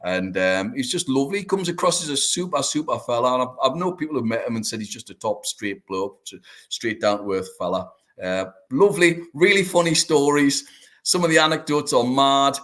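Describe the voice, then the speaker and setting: Expressive and a bit bright, his medium-pitched voice moves fairly quickly. This man hosts a laid-back podcast, full of enthusiastic anecdotes and frequent laughter.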